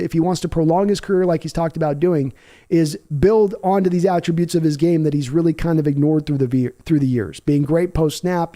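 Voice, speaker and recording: A man's voice: a little high, warm tone. Tired-voiced man reacting to a game live. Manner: analytical, reads donor comments aloud. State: voice fading, tired. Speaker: live stream host. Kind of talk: live sports reaction commentary.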